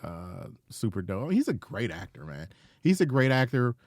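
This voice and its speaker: A man's voice: medium pitch, sing-song, normal speed, darkish tone, no room sound, clean studio sound. A middle-aged comedian telling profane stories in casual podcast chat, acting out the people he quotes. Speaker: comedian guest.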